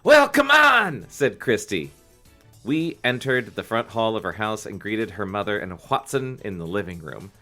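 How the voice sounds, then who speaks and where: A man co-hosting a comedy podcast, reading a children's book aloud with jokey asides and squeaky put-on voices. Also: lively intonation, moderate pace, fairly bright tone, soft background music.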